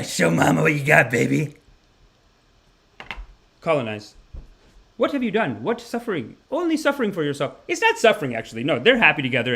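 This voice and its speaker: A man hosting a comedy podcast, riffing in an animated, rambling monologue. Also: a little high. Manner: animated, rambling, swings between voices. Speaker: podcast host.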